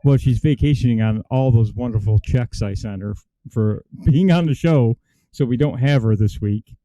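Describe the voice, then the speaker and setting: A man's voice: mid-range voice, normal speed, warm tone, dry recording, highs cut off. A man hosting a casual livestream chat, jokey and greeting viewers by name. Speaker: host.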